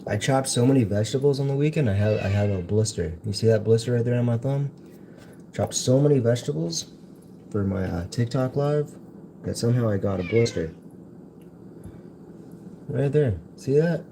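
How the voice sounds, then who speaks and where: With long pauses and vocal fry, a young man chats jokily and rambles through a casual cooking livestream at home. His medium-pitched voice has a dark tone and normal speed, over noisy home audio.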